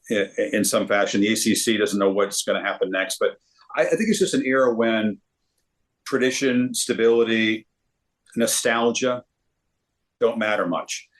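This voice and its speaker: A man, talking in an easy, casual interview. He is an animated storyteller who often repeats words as he gathers his thoughts. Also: fairly low pitch, normal speed. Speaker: sportscaster guest.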